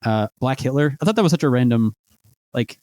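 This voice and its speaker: A man's voice: mid-range voice, animated, fairly quick, dark tone, dry recording, studio quality. A man co-hosting a podcast, chatting casually and rambling with lots of hedges while quoting lines from a show. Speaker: podcast co-host. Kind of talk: casual chat.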